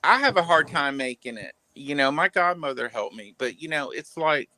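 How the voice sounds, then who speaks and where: A man telling stories on a casual livestream, animated, profane and stammering as he talks. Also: on the high side, moderate pace, no room sound. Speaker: streamer.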